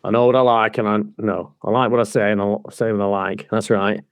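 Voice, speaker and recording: A man with an English Midlands accent, co-hosting a podcast in casual, sweary, jokey chat and animated storytelling. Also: on the low side, a little fast, smooth, no echo, clean studio sound. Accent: English Midlands, Nottingham area. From England. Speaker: podcast co-host.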